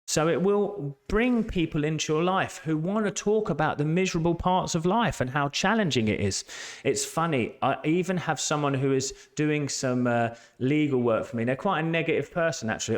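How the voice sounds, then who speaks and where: Male life coach, a bit high-pitched, emphatic and earnest motivational delivery. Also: lively intonation, moderate pace. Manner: earnest, emphatic, repeats key phrases. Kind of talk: motivational talk to camera.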